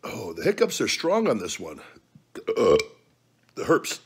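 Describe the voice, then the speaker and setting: Low, husky-voiced man chatting casually. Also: wildly swooping pitch, a little slow. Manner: loose, joking, profane banter. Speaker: vlog host. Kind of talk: casual vlog talk during a hot food challenge. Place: at home.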